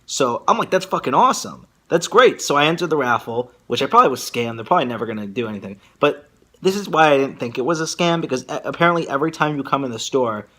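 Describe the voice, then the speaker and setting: A young man telling a casual vlog story, rambling and filler-heavy, with animated asides. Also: mid-range voice. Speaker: vlogger.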